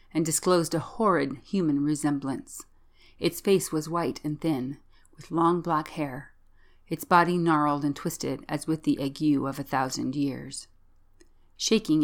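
A woman reading a gothic story aloud in measured, dramatic first-person narration. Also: sits low.

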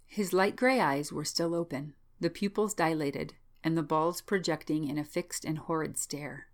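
A woman narrating a story in scripted, measured, deliberate reading. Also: low-pitched.

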